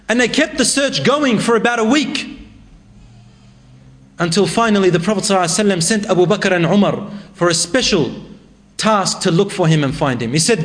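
With a high, slightly bright voice, a man preaches a sermon, telling a story emotionally. He acts out the quoted voices with rising intensity.

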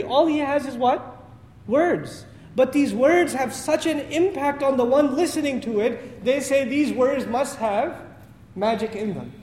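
A man preaching a sermon in a mosque, telling a story with lively acted dialogue and chuckling at his own lines. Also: extremely high pitch. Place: mosque prayer hall. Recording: echoey hall with faint noise.

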